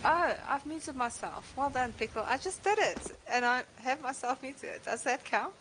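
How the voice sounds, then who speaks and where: A woman's voice: high-pitched, expressive, normal speed, fairly bright tone, rough recording. A South African woman casting an esports match live, chatty and reading viewer messages aloud. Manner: chatty, code-switches, reads chat aloud. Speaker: esports caster. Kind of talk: live game commentary. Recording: faint background noise and clicks.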